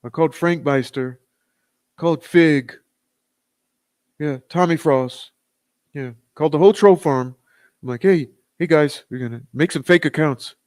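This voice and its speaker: A man putting on the voice of a stoned, gossipy guy who rambles in a goofy, drawn-out way. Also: a little high, a little mellow, no room sound, pitched above the performer's own voice, lightly acted. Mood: whiny.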